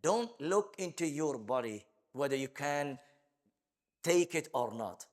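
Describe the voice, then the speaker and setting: A man gives a tafsir lesson in a mosque, explaining step by step, reciting verses quickly and repeating words as he searches for phrasing. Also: on the high side, animated, a little mellow. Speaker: Quran teacher.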